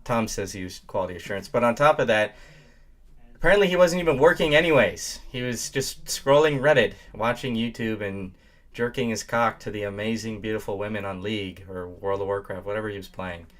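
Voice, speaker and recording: Low-voiced man, profane reaction streamer. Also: brisk. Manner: blunt, profane, with sudden loud outbursts. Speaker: stream host. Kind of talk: casual reaction commentary.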